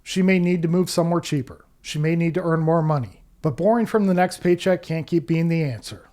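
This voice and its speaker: Fast blunt guy reacting to money clips, kinda high voice, no nonsense. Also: a little mellow. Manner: blunt, critical. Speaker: finance commentator. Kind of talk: reaction commentary.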